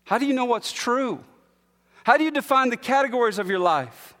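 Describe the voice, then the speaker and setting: A man preaching a sermon as pastor, emphatic, slowing down to stress repeated lines. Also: extremely high pitch, animated, a bit bright, long reverb tail. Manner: emphatic preaching with slow, drawn-out repetitions.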